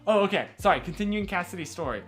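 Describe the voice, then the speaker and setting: A high-pitched, animated man talks fast in a fairly bright tone while soft music plays in the background. He's a livestream host chatting playfully with viewers from his home, frequently laughing and poking fun at himself.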